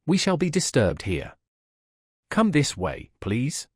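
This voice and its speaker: A man voicing an anxious, kind young wife who pleads with agitation and repeats herself, in a raised, husky voice. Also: medium pitch, wildly swooping pitch, slow, no room sound, studio quality, exaggerated voice. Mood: distressed.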